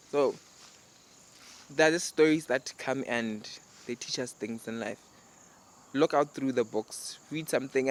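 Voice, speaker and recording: Relaxed man. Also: medium pitch. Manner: relaxed, rambling, self-correcting. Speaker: host. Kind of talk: casual storytelling and reflection.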